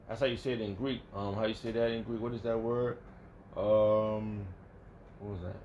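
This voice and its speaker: A man giving a casual Bible study talk, rambling and restarting often, emphatic and profane, with sudden loud angry outbursts. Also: on the low side, fairly even intonation, moderate pace, a little hiss or hum. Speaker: religious teacher.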